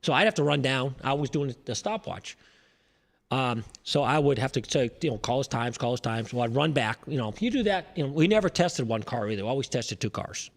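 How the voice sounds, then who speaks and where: A middle-aged man from Connecticut, a former race crew member, telling lively stories as a guest in a casual interview, often repeating his words. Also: mid-range voice, fairly quick. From Connecticut, USA.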